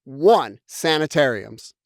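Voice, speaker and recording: A man's voice: on the high side, lively intonation, takes it slowly, vocal fry, no room sound, clean studio sound. A man co-hosting a podcast in casual comedic chat. He riffs freely and swears a lot. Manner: riffing, jokey, swearing freely. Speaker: podcast co-host.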